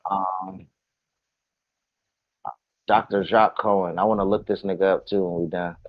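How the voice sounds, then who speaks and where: A man co-hosting a podcast in casual chat, animated and profane, often repeating himself. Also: sits low, moderate pace, dry recording, muffled recording. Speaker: podcast co-host.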